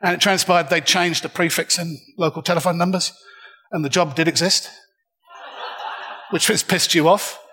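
A man's voice: fairly high pitch, fairly even intonation, moderate pace, pauses often, pushed and bright, slightly rough. An older man telling a comic, self-mocking story live on a festival stage. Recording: reverberant hall.

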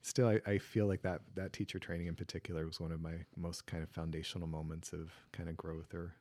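A man's voice: deep voice, flat delivery, fast, darkish tone, no echo. A middle-aged man, a yoga teacher, talking in a casual interview with a thoughtful, reflective manner and many fillers.

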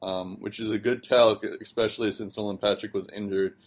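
A man's voice: fairly low pitch, steady tone, brisk. A man co-hosting a hockey podcast, chatting loosely with lots of ums and likes. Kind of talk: casual chat.

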